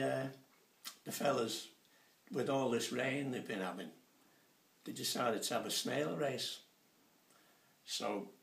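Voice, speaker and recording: A man, doing stand-up comedy in a chatty, animated way and putting on voices for his jokes. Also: mid-range voice, creaky. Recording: roomy sound from a distant mic.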